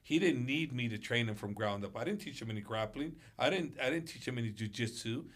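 A male martial arts coach tells stories as a podcast guest in a bright, ringing voice. He is animated and acts out the quotes with big jumps in pitch and volume. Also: a little fast. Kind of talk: storytelling on a podcast.

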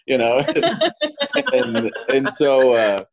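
A man's voice: medium pitch, expressive, takes it slowly. A man in his thirties, a guest chatting casually in an interview, laughing often and restarting his sentences. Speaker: actor guest.

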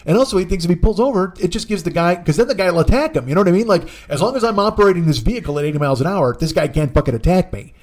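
A man hosting a podcast, telling a comic story in a profane, rambling, animated way. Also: high voice, racing, few pauses. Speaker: podcast host.

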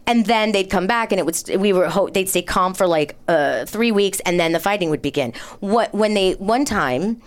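A woman's voice: medium pitch, normal speed, few pauses. A woman telling a story in casual podcast chat, acting out what people said. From Los Angeles area. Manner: animated storyteller who acts out quotes.

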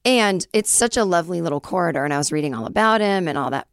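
A woman in her forties hosting a podcast, telling a story in a chatty, self-deprecating way with a slightly raspy voice and acting out the people she quotes. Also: on the low side, expressive, quick pace, no echo, studio quality. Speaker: podcast host. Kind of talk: casual storytelling monologue.

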